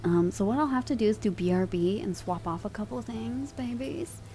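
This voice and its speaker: A woman's voice: mid-range voice, a little fast, dark tone, slight background noise. A woman streamer chatting casually with her live chat, giggly and swearing freely, at a desk microphone at home.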